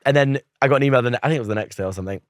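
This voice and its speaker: A man's voice: medium pitch, dry recording, studio quality. A young man and drama school actor telling an anecdote in a chatty way, acting out what other people said. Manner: chatty, quick storyteller who acts out other people's lines. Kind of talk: casual interview anecdote.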